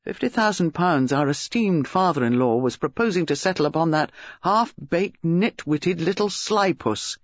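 A man playing a charming, outspoken, rather boastful gentleman with a dry, blunt way of talking. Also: fairly high pitch, animated, moderate pace, few pauses, no room sound. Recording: dull lo-fi recording.

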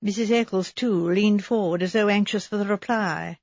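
A woman narrating a mystery audiobook in a measured way, also voicing a gentle vicar's wife. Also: medium pitch, breathy edge, no echo, lo-fi sound.

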